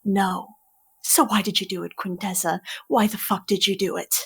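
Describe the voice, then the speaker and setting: A woman's voice: mid-range voice, little pitch movement, moderate pace, gravelly, breathy edge. A woman in a tabletop role-play, describing her character's actions and scolding another character in a stern, profane voice. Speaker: player voicing Curling.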